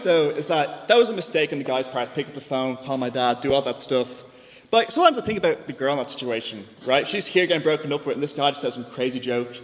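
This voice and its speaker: Young man, floor speaker, rambling joker, slightly high voice, long hall reverb. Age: young adult. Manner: chatty, jokey, rambling. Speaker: floor speaker in a student debate. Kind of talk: informal storytelling speech. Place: debating chamber. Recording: long hall reverb, faint background noise.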